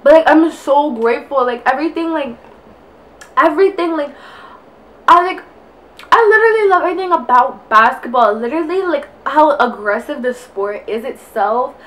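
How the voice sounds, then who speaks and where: A woman's voice: sits high, animated, normal speed, a bit bright. Breathless young woman rambling to camera. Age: young adult. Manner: rambling, says like constantly. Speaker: vlogger. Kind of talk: casual chat to camera. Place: indoors at home, getting ready.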